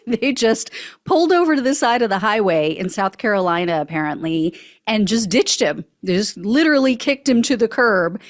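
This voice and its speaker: A woman delivering political news commentary in a mocking, sarcastic way, breaking into frequent laughs. Her mid-pitched voice is recorded very dry and close, with no room sound around it. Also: sing-song, normal speed, no room sound. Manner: mocking, laughs often between lines. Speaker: host of political news show.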